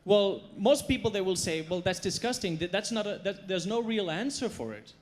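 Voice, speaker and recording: Higher-voiced man storytelling on stage. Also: expressive, moderate pace. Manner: storytelling, emphatic, playful. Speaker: chef giving a stage talk. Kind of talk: stage presentation. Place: stage before a live audience.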